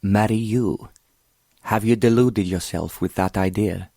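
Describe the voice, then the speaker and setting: A man's voice: lowish voice, fairly even intonation, unhurried, mellow, no echo, clean studio sound. A man playing an arrogant scheming prince who speaks coldly and mockingly. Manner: mocking, cold, condescending. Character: cold scheming foreign prince, arrogant villain.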